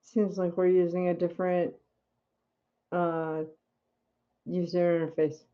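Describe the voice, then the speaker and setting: A woman chats in a relaxed way at a tabletop game and cheers the others on. She speaks slowly, at a mid pitch. The sound is muffled and lo-fi. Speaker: player. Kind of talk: casual chat at a tabletop game. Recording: dull, lo-fi mic.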